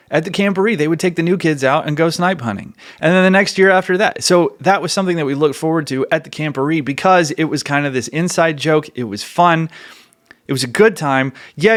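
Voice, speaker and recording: Emphatic man in his forties telling stories. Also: on the high side. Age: 40s. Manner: animated and emphatic, rising to loud bursts. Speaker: podcast host. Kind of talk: casual podcast storytelling.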